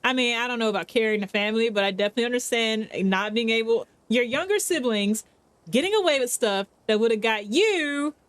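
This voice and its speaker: A woman's voice: a little high, animated, fairly quick, dry recording. A young woman giving chatty commentary while playing a story game. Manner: chatty, lots of fillers and laughs. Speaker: game streamer. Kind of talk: playthrough commentary.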